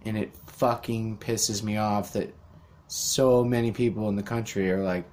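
A man's voice: lowish voice, fairly even intonation, unhurried, a little mellow. A young man hosting a podcast, delivering a rambling, profane rant with sarcastic asides. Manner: rambling, sweary, sarcastic mock voices. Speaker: podcast host. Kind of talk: profane ranting monologue.

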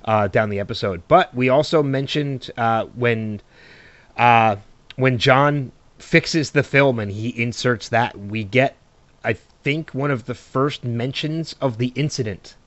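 A man's voice: medium pitch, measured pace, no room sound, lo-fi sound. Enthusiastic man co-hosting a podcast. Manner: enthusiastic, restarts often. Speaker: podcast co-host. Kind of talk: casual TV recap chat.

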